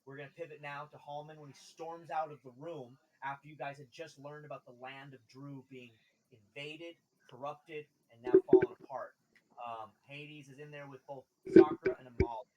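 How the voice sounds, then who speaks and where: A man's voice: fairly high pitch, low-quality recording. A man narrating a tabletop game as game master in a loose, casual way, often laughing.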